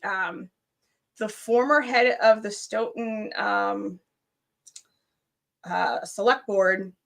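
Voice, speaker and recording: A woman, a guest on a live stream, chatting casually and telling a story with lively, acted-out quotes. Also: mid-range voice, vocal fry. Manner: animated storyteller, acts out her own screams and quotes.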